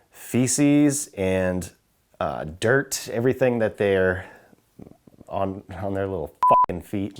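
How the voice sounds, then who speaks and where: Exasperated home repair man muttering. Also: on the low side. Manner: muttering, self-mocking and exasperated. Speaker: home repair video host. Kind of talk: casual on-the-job chatter.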